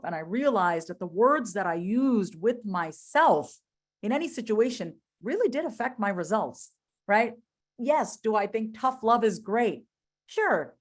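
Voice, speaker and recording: A woman giving a motivational webinar talk, speaking directly to her audience with many rhetorical questions and repeated phrases for emphasis. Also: mid-range voice. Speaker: webinar presenter.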